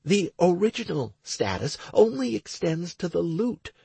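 A man puts on a young woman raid leader, tense and frustrated, in a clipped, worried, husky voice pitched well above his own. The delivery swings widely in pitch, and the recording is dry and close. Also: sing-song, a little slow, mellow, no room sound, heavily acted. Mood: annoyed.

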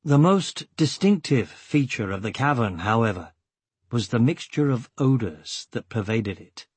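A man narrates a story in a measured, deliberate way, letting dramatic moments sink in. His voice sits at an ordinary male pitch with a touch of huskiness. The sound is dry and close, with no room around it. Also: expressive, darkish tone, breathy edge, no room sound. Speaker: audiobook narrator. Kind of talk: scripted narration.

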